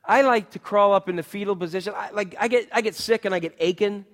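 High voiced pastor guy preaching, lively, lots of questions to the crowd, long echo in a big hall. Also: fast talker. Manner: animated, acts out quotes and asks the congregation questions. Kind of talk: sermon.

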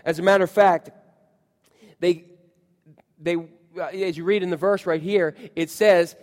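A man preaching a sermon in a church, animated and calling out to the congregation. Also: sits high, a little slow, pauses often. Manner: animated, calls out to the congregation, acts out shouts. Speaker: pastor. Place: church sanctuary. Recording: long hall reverb.

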